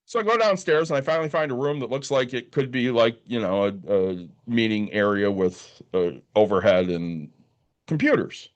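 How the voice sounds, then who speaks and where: The recording has its highs cut off, and the man speaks at medium pitch and a moderate pace. As a podcast co-host, he chats casually through a lengthy story, cursing and acting out quoted lines, sounding drained after little sleep.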